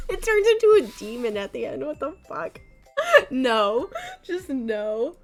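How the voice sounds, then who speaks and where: A young woman streams a game and chats casually with her viewers. Her voice is fairly high and swoops all over, and she talks at an easy, slow pace. Soft game music plays behind her. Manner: chatty, giggly, talking to chat. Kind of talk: casual live-stream chat.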